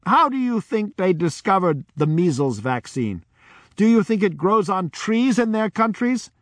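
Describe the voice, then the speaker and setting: A man voicing a forceful woman of about fifty who loudly pleads with her fellow villagers, raised in pitch above his own voice. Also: big pitch swings, unhurried, no echo, studio quality. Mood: impassioned. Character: fierce village grandmother around fifty.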